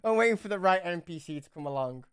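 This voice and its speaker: A woman's voice: fairly low pitch, expressive, fast talker, smooth, no room sound, studio quality. A woman running a tabletop game livestream, chatty and swearing freely as she narrates. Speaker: game master.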